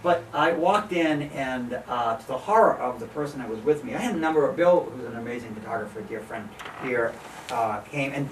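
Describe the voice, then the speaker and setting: A middle-aged photographer with a mid-range voice gives an informal slide talk in a small art gallery, telling animated stories, laughing often and imitating the voices he quotes. He's picked up off-mic from a distance in an echoey room, with a little hiss or hum.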